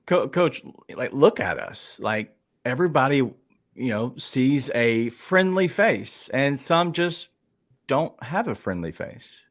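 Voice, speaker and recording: A man's voice: medium pitch, lively intonation, slow pace. A man co-hosting a sports show, joking with restarts and stammers. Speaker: co-host.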